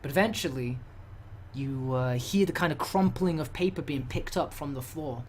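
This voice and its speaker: A man's voice: fairly high pitch, moderate pace, a little hiss or hum. A man narrating a tabletop horror game as game master, rambling with many restarts.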